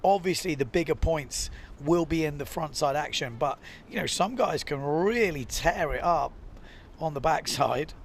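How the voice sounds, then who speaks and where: Chatty male sports commentator, slightly higher voice. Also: animated, normal speed, slight background noise. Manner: chatty, reads viewer comments, frequent "you know" fillers. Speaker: windsurf livestream commentator.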